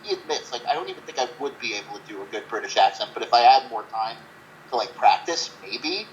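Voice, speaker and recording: A man's voice: medium pitch, animated, fast talker, dull audio, slight background noise. A man co-hosting a casual movie review podcast, rambling with lots of fillers and swearing. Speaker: podcast co-host.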